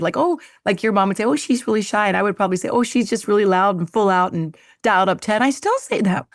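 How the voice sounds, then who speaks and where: A woman's voice: mid-range voice, dry recording. Gushing woman podcast host, dry close sound. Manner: effusive, gushing, quick to laugh. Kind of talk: casual podcast conversation.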